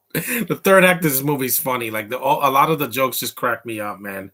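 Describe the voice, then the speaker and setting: A man giving a casual live commentary over a comedy film, rambling through asides, laughing often and reacting loudly to what is on screen. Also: expressive, moderate pace. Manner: reacts loudly to the film, quoting lines in a high voice.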